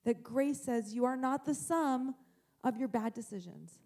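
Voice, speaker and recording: A woman's voice: fairly high pitch, a little slow, darkish tone. A woman pastor in her thirties giving a sermon, telling a family story earnestly and acting out the voices in it. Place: church.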